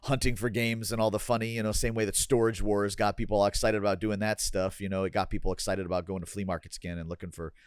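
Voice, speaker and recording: Lowish-voiced man, earnest rambling. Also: level tone, quick pace, few pauses, clean tone, no room sound. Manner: rambling, earnest storytelling with fillers. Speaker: podcast co-host. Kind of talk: casual chat.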